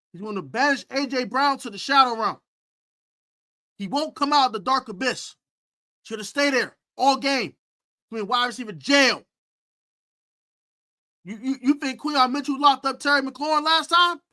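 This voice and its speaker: A man hosting a football preview, trash-talking rival fans in a boastful, animated way and repeating his taunts. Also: extremely high pitch. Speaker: sports podcast host.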